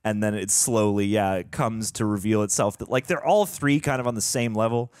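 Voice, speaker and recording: A man's voice: on the low side, a little fast, smooth, dry recording, studio quality. A young man co-hosting a movie reaction, chatting casually, reading trivia aloud with many fillers and restarts.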